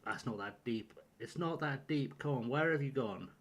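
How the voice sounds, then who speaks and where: Male game streamer, mid-pitched, rambling and flustered, muttering through team selection. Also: lively intonation, normal speed. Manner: rambling, flustered, talks to himself while picking a team. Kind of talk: live-streamed gameplay commentary.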